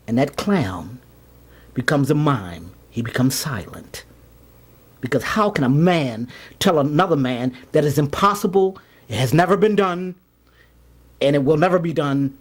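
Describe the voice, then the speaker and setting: A man's voice: fairly high pitch, expressive, a little slow. A man giving a rambling motivational monologue. He keeps repeating himself and pressing his points hard. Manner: rambling, repetitive, emphatic. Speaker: card trick performer and vlogger.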